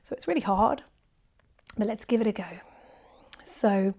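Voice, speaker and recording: A woman teaching a guided yoga class, gentle and encouraging, often dropping to a soft near-whisper while counting breaths. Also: medium pitch, unhurried, long pauses. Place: indoors, quiet room with birds faint outside.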